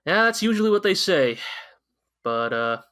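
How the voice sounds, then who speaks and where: Man, podcast co-host, bright tense voice, fairly high, excitable, rambling, swears. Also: normal speed. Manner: excitable, profane, rambling with many restarts. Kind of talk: casual anime review chat.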